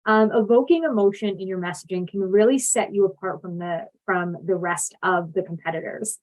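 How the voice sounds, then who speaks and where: A woman's voice: mid-range voice, moderate pace, rough recording. A young adult woman giving a casual, friendly presentation over a video call, speaking with plenty of ums and easy fillers. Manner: friendly, upbeat, lots of fillers. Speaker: speaker presenting to an online summit. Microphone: video call mic.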